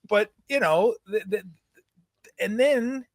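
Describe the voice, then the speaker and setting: A middle-aged man hosting a casual backyard chat, relaxed and reflective, who laughs easily. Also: high-pitched, takes it slowly, dry recording. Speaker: host. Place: backyard outdoors.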